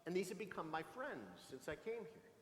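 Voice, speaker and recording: A man in his sixties, a pastor giving a homily with animated, humorous storytelling in a church sanctuary. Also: high voice, normal speed. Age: 60s. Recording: echoey church with long reverb.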